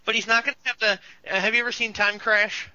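A man's voice: high voice, fairly even intonation, quick pace, bright, forceful tone. A man co-hosting a casual fan podcast, talking eagerly and joking, often quoting lines in put-on voices. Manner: enthusiastic fan, jokey, quotes lines in voices. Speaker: podcast co-host. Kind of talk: casual chat. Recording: dull lo-fi recording.

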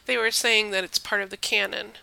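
Gravelly, bright Southern woman co-hosting. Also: medium pitch, a little fast, dry recording. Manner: lively, playful, talkative. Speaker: podcast co-host. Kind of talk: casual film review chat.

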